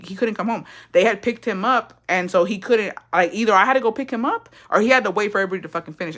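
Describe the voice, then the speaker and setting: Young woman, casual storyteller: bright, blunt, profane, slips Spanish phrases into her talk. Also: medium pitch.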